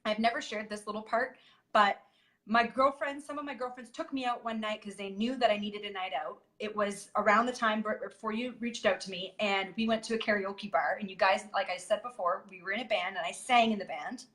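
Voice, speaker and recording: A woman guest sharing a hard personal story candidly, in halting sentences full of restarts and fillers. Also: medium pitch, fairly even intonation, a bit bright.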